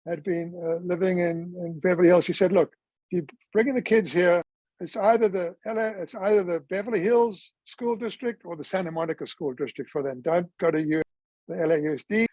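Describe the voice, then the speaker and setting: High-voiced man in his sixties. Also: brisk, darkish tone, no room sound, rough recording. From South Africa. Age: 60s. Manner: chatty storyteller who acts out quoted dialogue. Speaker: interviewee. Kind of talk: casual life-story interview.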